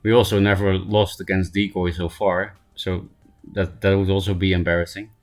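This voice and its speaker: A man streaming a card game, thinking aloud and mocking himself, hoarse from laughing and often clearing his throat. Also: sits low, flat delivery, moderate pace, darkish tone, soft background music. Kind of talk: casual gameplay commentary.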